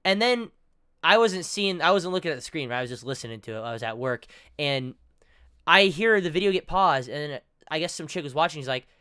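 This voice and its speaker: A man's voice: fairly high pitch, lively intonation, fast talker, bright, forceful tone, clear, resonant tone, no room sound, studio quality. A young man doing profane, mocking reaction commentary in a rambling way. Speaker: commentary streamer.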